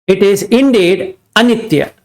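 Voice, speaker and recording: High-voiced man giving an emphatic dharma talk. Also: unhurried. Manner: emphatic, asks rhetorical questions. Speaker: Buddhist dharma teacher.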